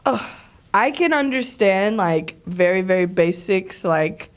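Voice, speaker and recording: Casual woman guest, a dancer; talky and animated, acts out quotes, average pitch. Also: a little slow. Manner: chatty, many "like" fillers, animated quoting. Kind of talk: casual interview chat.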